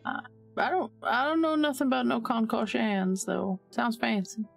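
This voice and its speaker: A woman's voice: a little high, expressive, moderate pace, gravelly, soft background music. Old farm lady, Southern drawl, tart and folksy, a woman putting her on. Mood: dry. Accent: Southern US (put on). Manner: dry, teasing, folksy.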